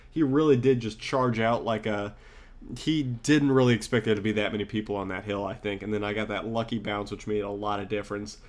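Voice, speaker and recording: Excitable man narrating gameplay. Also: mid-range voice. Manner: excited, rambling with fillers. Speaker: gaming commentator. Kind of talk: casual gameplay commentary.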